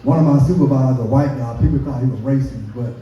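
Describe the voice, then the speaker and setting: A man's voice: medium pitch, fast, a little hiss or hum. A man doing a profane stand-up comedy set, telling a work story and acting out the quotes. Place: brewery comedy stage. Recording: dull, echoey room from a distance.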